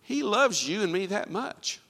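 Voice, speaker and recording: A man preaching a sermon, quoting scripture and swinging from loud, ringing lines to hushed ones. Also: high voice, very animated, unhurried, in a large hall.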